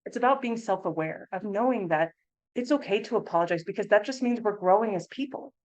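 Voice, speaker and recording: A woman in her thirties giving a lively training talk to teachers and childcare directors. She speaks in a conversational, animated way and slips into a bright, upbeat teacher voice when she acts out what to say to children. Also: mid-range voice, fairly quick, poor audio. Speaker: early childhood mental health consultant.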